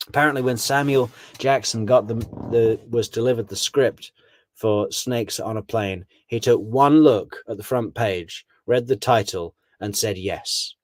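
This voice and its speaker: A man's voice: mid-range voice, a little slow, dry recording. Sardonic man in a dry-sounding room. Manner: sardonic, acts out quotes in mocking voices. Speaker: true crime commentator. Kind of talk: casual commentary monologue.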